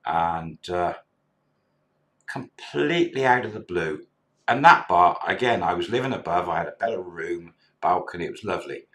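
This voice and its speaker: A man's voice: low-pitched, expressive, moderate pace, a bit bright. A middle-aged man, a former bar manager, casually tells a story and acts out the quoted dialogue in a chatty way.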